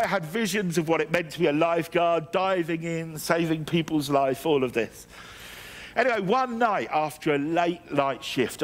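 Storytelling English male preacher, higher voice. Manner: storytelling with self-deprecating humour and frequent restarts. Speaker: guest preacher. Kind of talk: sermon.

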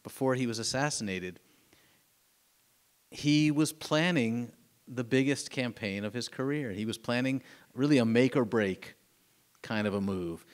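A middle-aged man, an author, speaking at a live museum talk in an earnest, animated storytelling way, with fillers and restarts. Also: medium pitch, measured pace, pauses often. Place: museum event room with audience.

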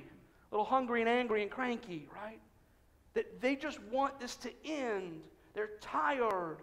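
A male pastor with a notably high voice delivers a conversational sermon, acting out little quoted exchanges and sinking to near-whispers on key lines. His words ring out in a church sanctuary, trailing a long, echoing reverb. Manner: conversational preaching with acted-out quotes, dropping to hushed emphasis.

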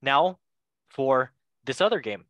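A young man hosting a casual football podcast, playful and quick to laugh, with goofy asides. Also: mid-range voice, animated, fairly bright tone, dry recording. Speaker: podcast host.

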